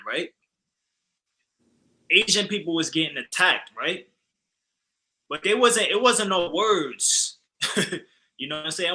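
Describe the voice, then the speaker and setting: Bright, animated man in heated talk. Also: fairly high pitch, low-quality recording. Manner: animated, emphatic, frequent fillers and profanity. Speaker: podcast co-host. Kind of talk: casual heated discussion.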